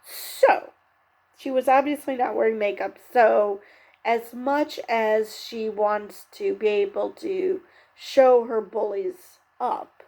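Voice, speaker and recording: A woman chats her way through a TV show recap, candid and conversational, stumbling and correcting herself as she goes. Her voice sits slightly high but carries a gravelly fry. She takes her time and never rushes. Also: mellow. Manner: candid and chatty, many fillers and self-corrections. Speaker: TV show reviewer. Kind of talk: casual spoken recap and commentary.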